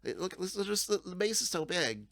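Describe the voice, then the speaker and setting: A man's voice: high-pitched, very animated, a little fast, vocal fry, a bit bright, no room sound, clean studio sound, pitched above the performer's own voice, heavily acted. A man voicing a small, timid male goblin who stammers and frets. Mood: anxious. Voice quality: stammering, anxious.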